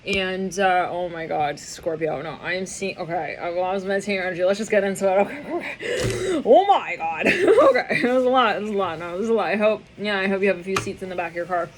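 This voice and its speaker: A woman's voice: lowish voice, quick pace, few pauses, a little hiss or hum. A woman doing a casual tarot reading who laughs often and acts out voices she hears. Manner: excitable, laughing, acting out quoted voices. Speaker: tarot reader.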